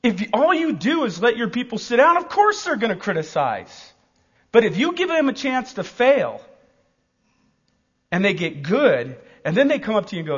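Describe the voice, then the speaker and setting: A man in his forties preaching a sermon in an animated, emphatic, joking way. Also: high-pitched, moderate pace, husky, big-room sound, dull audio.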